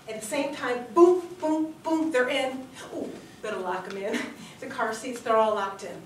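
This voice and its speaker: A woman performs a humorous contest speech, telling her story in an animated way. Her high, bright voice rings through a large echoey hall, and the mic picks it up from far off. A faint room hum sits behind her. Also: normal speed. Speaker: contest speaker.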